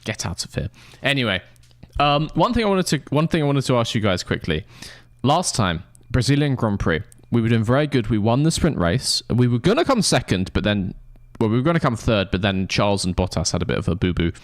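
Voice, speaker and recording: A man's voice: mid-range voice, sing-song, brisk, dry recording, studio quality. A young man chatting casually with his live-stream viewers, rambling and swearing in mock-indignant banter.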